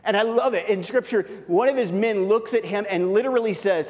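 Conversational preacher in an echoing hall. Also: male voice, high-pitched, a little fast, a little mellow. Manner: conversational, heavy use of fillers. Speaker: pastor. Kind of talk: sermon.

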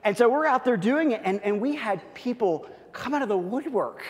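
Animated preacher man in a reverberant hall. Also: very high voice, moderate pace. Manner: animated, storytelling with many restarts. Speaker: pastor. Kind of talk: sermon with storytelling.

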